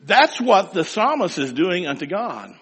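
A man preaching a sermon to a congregation in a large hall, telling stories in a lively way and addressing the listeners directly. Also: high voice, measured pace, slightly rough. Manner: animated storytelling, acts out loud pleading prayers. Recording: long hall reverb.

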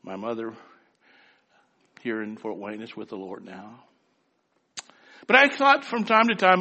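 A middle-aged male preacher delivering a sermon with personal stories, dramatic, swinging between slow emphatic phrases and quick storytelling. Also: high voice, pushed and bright. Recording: reverberant hall.

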